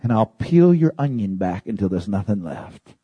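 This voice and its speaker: A man preaching a sermon, moving from calm teaching to loud, high-pitched shouting. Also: moderate pace, breathy edge, dry recording, lo-fi sound.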